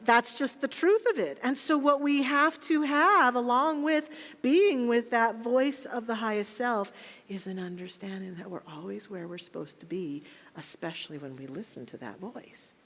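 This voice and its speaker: A woman minister giving a sermon, telling personal stories in an animated, self-mocking way. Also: on the high side, normal speed, a little hiss or hum. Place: church sanctuary. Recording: long hall reverb.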